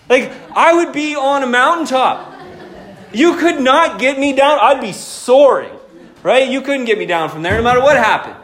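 High-voiced, animated male preacher. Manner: animated, conversational, joking. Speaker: pastor. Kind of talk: sermon.

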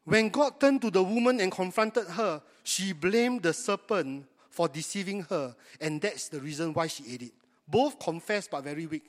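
A man's voice: high-pitched, expressive, normal speed, in a large hall. A man, preaching a sermon to his congregation in a conversational way and often asking them rhetorical questions. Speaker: pastor.

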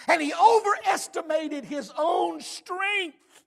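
A man preaching a sermon as pastor, swinging from shouted emphasis to hushed, low tones. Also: normal speed, gravelly.

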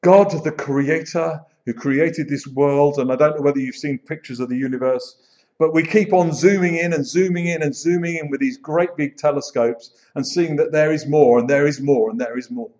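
A man preaching a sermon as pastor, expressive, slowing down to dwell on phrases and telling stories with animation. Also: a little high. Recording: dull lo-fi sound.

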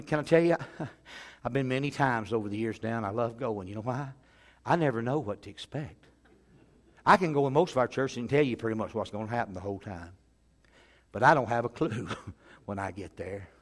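A middle-aged man preaching, telling funny stories in an animated way and often chuckling and clearing his throat. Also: mid-range voice. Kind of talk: humorous sermon storytelling.

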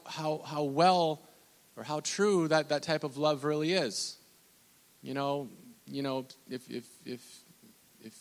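A man's voice: on the high side, long reverb tail. A man who works at a bank, talking casually and rambling with many restarts and fillers. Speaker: bank loan officer. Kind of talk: casual talk.

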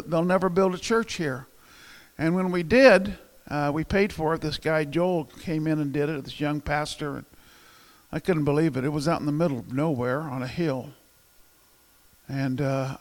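A man's voice: fairly high pitch, long reverb tail. A male pastor preaching a sermon, telling jokes and polling the congregation in a chatty way. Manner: conversational, polls the congregation. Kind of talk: sermon with humor and audience interaction.

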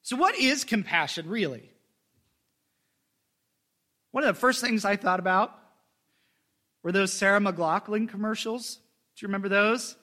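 A man's voice: high voice, measured pace, pauses often, pushed and bright. A male pastor preaching a sermon in a conversational way, with joking asides.

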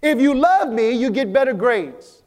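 High-voiced pastor preaching. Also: male voice, lively intonation. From Vietnam. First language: Vietnamese. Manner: earnest, repeats phrases, slows for emphasis. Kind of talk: sermon. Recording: long hall reverb.

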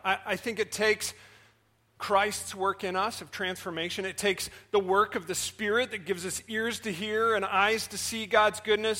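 A man, the senior pastor, preaching a sermon with animated storytelling that swings between loud and soft. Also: high-pitched.

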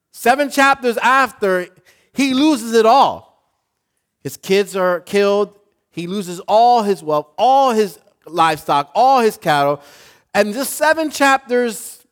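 A man preaching a sermon as pastor, talking in a conversational, animated way with playful asides. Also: high voice.

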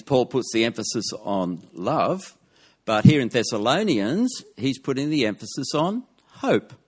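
A man preaching a sermon, measured and emphatic, dropping his voice on key words. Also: medium pitch.

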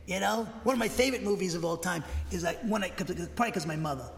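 Older man preaching, gravelly, echoing hall. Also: high voice, a little fast, hardly any pauses. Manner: rambling, folksy storytelling with bursts of emphasis. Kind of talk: sermon. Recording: long hall reverb.

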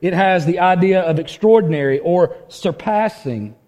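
A pastor preaches earnestly at a moderate pace, his high-set voice swinging between loud emphasis and a hush. He often repeats words as he restarts.

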